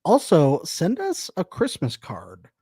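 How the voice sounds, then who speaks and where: A man's voice: a little high, wildly swooping pitch, slow pace, warm tone, husky, no room sound, clean studio sound. A man co-hosting a podcast, trading playful jokes in casual chat. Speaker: podcast co-host.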